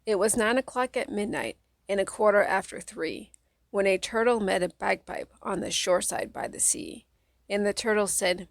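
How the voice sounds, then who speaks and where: Female audiobook reader for children's verse; soft, even, unhurried, slightly gravelly, dry close mic. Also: medium pitch, dry recording. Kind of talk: reading children's poems aloud.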